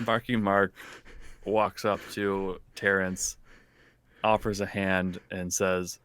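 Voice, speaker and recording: A man with a bright, forceful voice, recorded close and dry. He chats casually as a podcast player, rambling and correcting himself. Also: deep voice, flat delivery, takes it slowly, smooth, dry recording. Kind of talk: casual chat.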